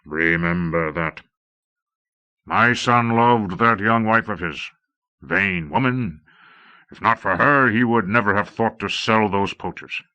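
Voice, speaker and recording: A man voicing a gruff old lord commander who growls out commands, on a dull old tape. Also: fairly low pitch, slow, pushed and bright. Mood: grave.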